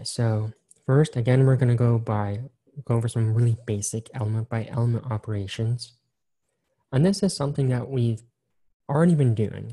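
Low, very dark-voiced male instructor. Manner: casual, repetitive, walks through examples step by step. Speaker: engineering instructor. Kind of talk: recorded screen-share lecture.

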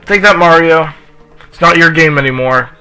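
A man giving casual let's play commentary while racing, excitable and yelling at the racers in the game, with a sore throat. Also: a little high, normal speed, a crowd in the background, low-quality recording. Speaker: gamer playing on his channel.

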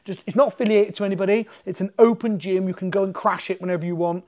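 A man, a fighter as podcast guest, telling lively stories and acting out conversations. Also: high-pitched, fast, lo-fi sound. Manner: animated, swearing, acts out quoted exchanges. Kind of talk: casual storytelling.

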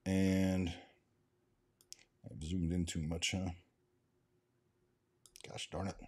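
Low mellow-voiced man reading market news. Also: level tone, very slow, breathy edge. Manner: reads quotes aloud then adds offhand remarks, many restarts and fillers. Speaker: host of a stock market show. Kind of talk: casual commentary reading from articles and market screens.

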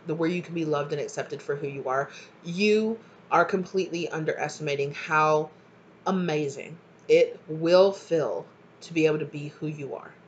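A tarot reader gives a casual collective reading, rambling earnestly and encouragingly with lots of fillers and "you know." The voice is medium-pitched, and the recording is muffled with slight background noise.

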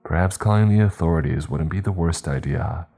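A man narrating a horror story in a measured, tense way. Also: low voice, mellow. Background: faint background music.

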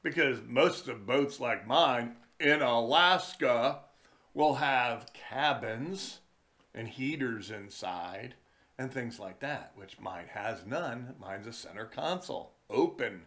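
A man's voice: medium pitch, animated, fairly bright tone. A man who runs fishing charters, telling wry stories in a chatty, casual vlog from his den indoors. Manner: slow, chatty, wry storytelling.

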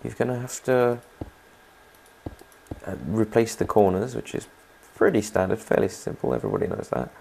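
A man's voice: on the low side, normal speed, vocal fry, darkish tone, slight background noise. A man narrating his own game playthrough in a rambling, chatty manner, often asking viewers for their thoughts. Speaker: gaming channel host. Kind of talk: let's play commentary.

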